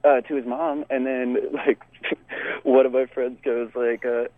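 This young Texan talks at a measured pace with a medium-pitched voice, recounting a story during casual podcast conversation. He's animated, full of fillers, and laughs frequently. There's no echo, though the sound is tinny like a phone line.

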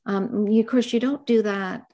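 A middle-aged woman therapist being interviewed, speaking gently and reflectively about her work. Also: mid-range voice, steady tone, normal speed, a little hiss or hum. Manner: gentle, reflective, speaks in soft asides and acted client dialogue. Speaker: therapist and author, guest. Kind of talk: conversational interview.

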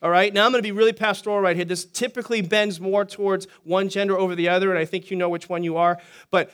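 A man's voice: sits high, steady tone, fast, a bit bright, clear, resonant tone. A middle-aged man preaching a sermon as pastor, conversational, with joking asides and frequent restarts.

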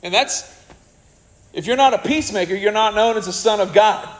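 A man preaching a sermon in an animated way, with joking asides and acted-out quotes. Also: high voice, normal speed, poor audio. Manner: animated, jokey asides, acts out quoted people.

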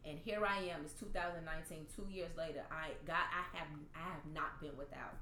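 A woman telling an emotional faith testimony in casual conversation, animated and laughing at times. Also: deep voice, fairly quick. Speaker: guest sharing testimony. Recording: echoey room, faint noise.

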